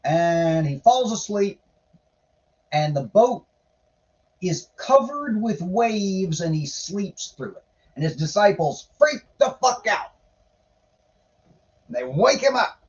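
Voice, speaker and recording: Sarcastic guy reading the bible and snarking, slow drawl, kinda muffled audio. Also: high-pitched, very animated. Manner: sarcastic, swears casually. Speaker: podcaster reading and commenting on the Bible. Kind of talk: irreverent casual commentary.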